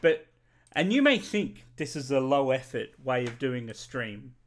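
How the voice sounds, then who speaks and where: A man's voice: medium pitch, sing-song, unhurried. A man chatting casually on a livestream, rambling, joking and correcting himself as he goes. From Australia. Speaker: stream co-host.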